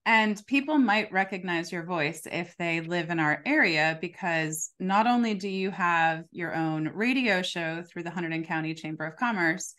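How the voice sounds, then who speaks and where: A woman's voice: fairly low pitch, moderate pace, hardly any pauses, fairly bright tone. A woman hosting a podcast interview, asking her guest encouraging questions in a casual way. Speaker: podcast host.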